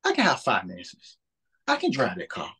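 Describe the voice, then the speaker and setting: A man in his thirties with a husky voice speaks in an ordinary middle pitch. He talks about faith in a casual, earnest way. He often restarts and repeats words as he works out a thought. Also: huge pitch swings, moderate pace, sharp tone. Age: 30s.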